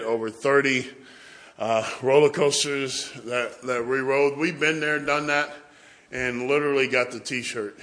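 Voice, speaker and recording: A man telling lively stories in a tribute to his pastor at a church service, acting out the quotes and laughing along. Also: mid-range voice. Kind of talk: anecdotal storytelling speech.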